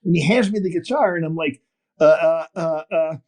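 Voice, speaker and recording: An older man from northern Wisconsin telling a long story in an interview, animated and full of restarts. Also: fairly high pitch, normal speed. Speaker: podcast guest, fishing TV host. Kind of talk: storytelling interview over a call.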